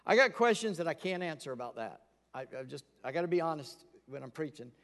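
A man's voice: fairly high pitch, animated, quick pace, a bit bright. A man preaching a sermon from the pulpit, candid and emphatic. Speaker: pastor. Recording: long hall reverb.

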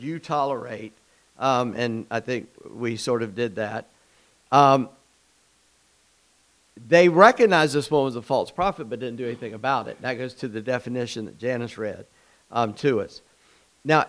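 A man's voice: medium pitch, a bit bright, low-quality recording. A man leading a Bible study class in a conversational way, rambling with frequent restarts and putting questions to the group.

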